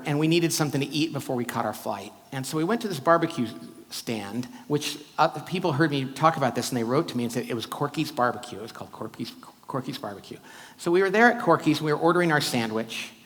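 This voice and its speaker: A man's voice: on the high side, brisk. A man giving a keynote talk to a live audience, telling stories and acting out the people in them. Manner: animated, acts out quoted voices. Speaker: keynote speaker. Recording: reverberant hall.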